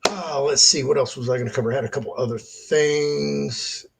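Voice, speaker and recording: A man's voice: medium pitch, steady tone, normal speed, vocal fry, background noise. A middle-aged man hosting his own show, telling a story in a casual monologue, laughing often and swearing freely. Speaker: show host.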